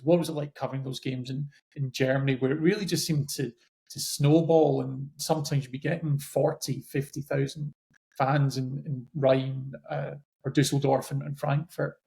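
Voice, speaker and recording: Gravelly-voiced man hosting an interview. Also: mid-range voice, flat delivery, mellow. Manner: thoughtful, halting questions with restarts. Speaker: podcast host. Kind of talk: interview questions.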